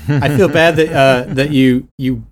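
A man's voice: medium pitch, steady tone, a little slow. A man hosting a podcast in casual chat, rambling with lots of laughs and fillers. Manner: rambling, laughing, jumps into sung bits. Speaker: podcast host.

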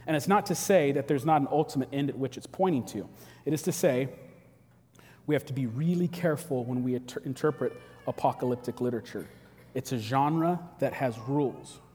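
A man preaching a sermon, telling stories with animated, acted-out quotes. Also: medium pitch, brisk, long reverb tail. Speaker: pastor. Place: church hall.

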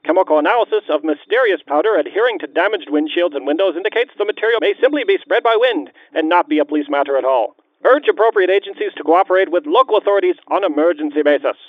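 A man's voice: sits high, expressive, quick pace, no echo, voice pushed up. A man putting on an old-timey mid-Atlantic accent as a formal 1940s announcer reading a government cable aloud. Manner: formal, clipped, declamatory. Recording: tinny phone-like filter, dry.

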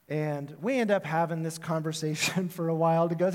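A man preaching a sermon as pastor, telling stories in a conversational way with quick asides. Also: fairly high pitch. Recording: long hall reverb.

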